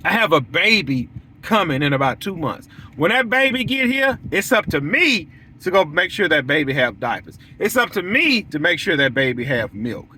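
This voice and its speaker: A young man who owns a lawn care business, speaking casually but bluntly to his audience. He hammers his points home by repeating them. His voice is high and bright, with a sharp edge. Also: very animated, normal speed, slight background noise. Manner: preachy, repetitive, blunt, acts out quoted lines.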